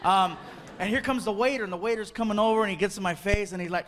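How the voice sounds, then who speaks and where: High-voiced man doing stand-up. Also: fast. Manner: animated storytelling, acts out voices. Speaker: stand-up comedian. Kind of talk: stand-up comedy. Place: stage before a live audience. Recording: live show with audience noise.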